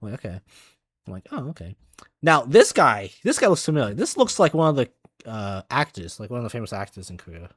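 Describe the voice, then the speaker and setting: A man's voice: mid-range voice, big pitch swings, brisk, fairly bright tone, slightly rough, dry recording. A man hosting a gaming reaction video, rambling in casual chat full of restarts and fillers. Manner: rambling, many restarts and "you know".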